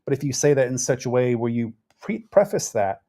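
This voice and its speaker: A man's voice: mid-range voice, animated, brisk, dark tone. A man giving casual, rambling political commentary, restarting his sentences often. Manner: rambling, conversational, frequent restarts and fillers.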